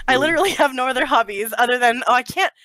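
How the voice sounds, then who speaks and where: A woman's voice: sits high, expressive, fast, sharp tone, no room sound. An American woman with a sore throat, giggling as she hosts an online card game with friends and reads cards aloud with drama. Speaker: streamer hosting a card game. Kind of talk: casual gaming chat.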